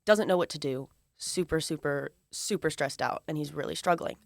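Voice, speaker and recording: A young woman co-hosting a student show, telling a long rambling joke with lively storytelling. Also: low-pitched, moderate pace, gravelly, dry recording, clean studio sound. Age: young adult. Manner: lively storyteller, voicing characters. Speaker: co-host.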